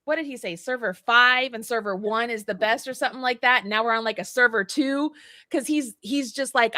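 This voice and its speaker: High bright-voiced woman storyteller. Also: a little fast, no echo, studio quality. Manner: animated storyteller, acts out dialogue, swears freely. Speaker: podcast host. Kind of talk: casual chat.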